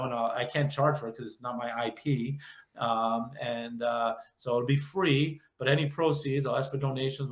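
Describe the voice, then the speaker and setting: Fast-talking nasal New York man. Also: medium pitch, reverberant. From Long Island, New York. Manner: rambling, upbeat, jokey. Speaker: guest. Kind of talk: casual interview chat.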